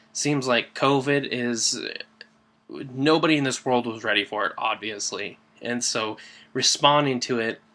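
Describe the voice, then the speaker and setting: Man, church devotional host; bright, forward tone, earnest and conversational, leans on key words. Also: mid-range voice. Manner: earnest, conversational with fillers and restarts. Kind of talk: informal devotional talk.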